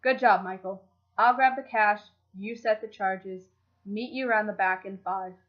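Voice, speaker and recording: A woman's voice: mid-range voice, measured pace, lo-fi sound, natural voice. A woman playing a weary, exasperated male crew leader. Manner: flat, exasperated, clipped.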